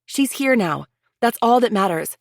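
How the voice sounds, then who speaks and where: Firm, determined widow, steady and reassuring, read by a woman. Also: a little high, moderate pace, gravelly, no echo, studio quality, voice pushed up. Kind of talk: audiobook character voice.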